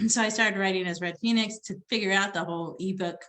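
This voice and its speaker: A woman's voice: mid-range voice, steady tone, fairly quick. Chatty woman author, easy laugh. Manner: chatty, warm laughs, repeats herself. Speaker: romance author guest. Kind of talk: casual chat.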